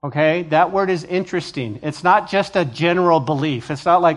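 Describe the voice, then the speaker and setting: Pastor, male, conversational sermon style, animated, acts out voices, voice a touch high. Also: fairly quick, hardly any pauses. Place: church sanctuary.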